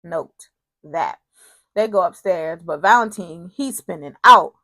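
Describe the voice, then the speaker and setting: A woman's voice: lowish voice, lively intonation, unhurried, fairly bright tone, dry recording. A woman casually recapping a TV soap episode, retelling scenes with quoted lines and personal asides.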